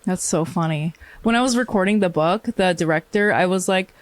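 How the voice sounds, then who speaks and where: A woman's voice: on the low side, brisk, dry recording. A woman comedian chatting as a podcast guest, loose and joking, often breaking into laughter. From Asia. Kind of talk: casual podcast chat.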